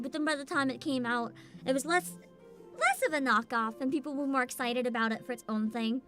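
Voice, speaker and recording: A woman's voice: high voice, brisk, fairly bright tone, faint music behind. A woman in her twenties streaming casually as a VTuber, greeting chat by name, laughing often and swearing freely. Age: 20s. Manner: reads out and greets chat names.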